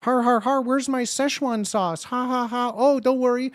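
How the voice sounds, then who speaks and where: A man's voice: very high-pitched, steady tone, normal speed, no room sound, clean studio sound, voice pushed up. A man putting on the voice of a smug, dim-witted male troll who brays with fake laughter. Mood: mocking. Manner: braying fake laughter, sneering.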